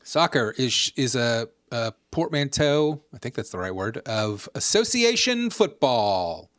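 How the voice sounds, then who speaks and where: A man's voice: medium pitch, very animated, measured pace, a bit bright, dry recording. A man co-hosting a gaming podcast, chatting casually and ranting with lots of profanity. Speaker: podcast co-host. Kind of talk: casual chat.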